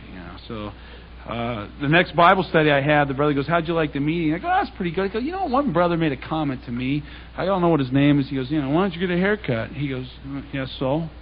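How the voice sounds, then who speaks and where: A man's voice: on the high side, a little hiss or hum. A man giving a public Bible talk, telling stories in a conversational way and acting out the dialogue. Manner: conversational storytelling, quoting others in dialogue. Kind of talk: anecdotal sermon. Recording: dull lo-fi recording.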